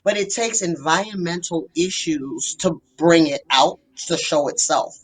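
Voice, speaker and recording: A woman's voice: fairly low pitch, unhurried, breathy edge, low-quality recording. A woman therapist telling her story as a podcast guest, earnest and emphatic. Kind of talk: podcast interview.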